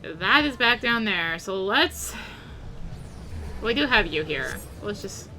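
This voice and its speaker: A woman's voice: medium pitch, animated, slow, bright, forceful tone, faint music behind. A woman casually commenting as she plays a video game, with chatty, wry asides. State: hiccups. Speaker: let's play host.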